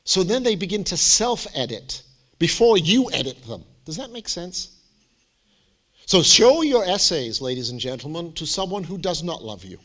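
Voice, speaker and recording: Guy giving a college admissions talk, theatrical and jokey, kinda high voice that jumps around a lot. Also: normal speed. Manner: animated, theatrical, jokey storyteller. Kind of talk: lively presentation to students and parents.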